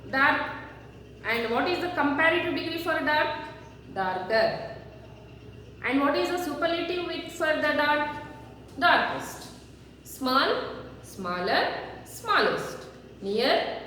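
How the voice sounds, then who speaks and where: A woman teaching a grammar lesson to children, slowly repeating word forms for them. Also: high-pitched, sing-song, sharp tone, a little hiss or hum. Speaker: schoolteacher. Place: classroom. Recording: echoey room, far from mic.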